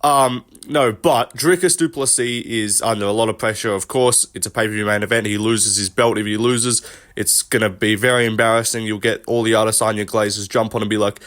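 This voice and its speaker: A man's voice: lowish voice, steady tone, brisk, fairly bright tone. A man giving casual solo commentary on fights, blunt and profane in his banter. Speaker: MMA commentator.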